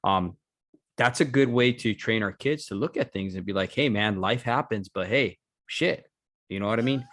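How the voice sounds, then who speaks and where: A man's voice: fairly low pitch, moderate pace, a bit bright, no echo, studio quality. A man hosting a podcast, affirming his guest, laughing along and leaning on fillers like "you know what I mean". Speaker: podcast host. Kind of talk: casual interview chat.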